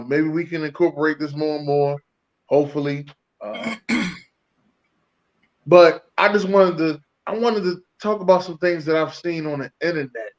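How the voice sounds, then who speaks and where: A man's voice: a little high, dull audio. A man co-hosting a podcast in casual chat, laid-back and easygoing, often repeating his phrases. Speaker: podcast co-host.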